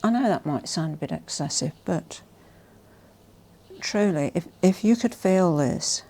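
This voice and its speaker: A woman vlogger presenting a haul in a casual, gushing and emotional way, often dropping to soft whispers. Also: lowish voice, lively intonation, unhurried. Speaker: fashion vlogger.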